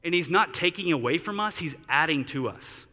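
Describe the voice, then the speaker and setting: A man's voice: on the high side, lively intonation, normal speed, pushed and bright, in a large hall. A man preaching a sermon in a conversational storytelling manner, using lots of "like" fillers. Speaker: pastor. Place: church sanctuary.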